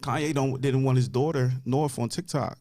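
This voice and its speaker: A man's voice: medium pitch, steady tone, moderate pace, a little mellow. A man in his twenties talking on a casual podcast, driving his points home by repeating them for emphasis. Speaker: podcast co-host.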